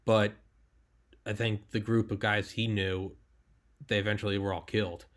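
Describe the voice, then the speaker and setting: A young man hosts a podcast in loose, casual conversation. His voice sits a little low, and he talks with animated energy, swearing freely and breaking into laughter mid-story. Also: moderate pace. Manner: animated, swearing, laughs while telling stories. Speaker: podcast host.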